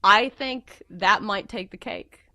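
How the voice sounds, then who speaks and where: A woman from the American South hosting a radio show, chatty and quick to laugh, with a runny nose. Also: medium pitch, bright, forceful tone, no echo. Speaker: radio host. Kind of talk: casual radio chat.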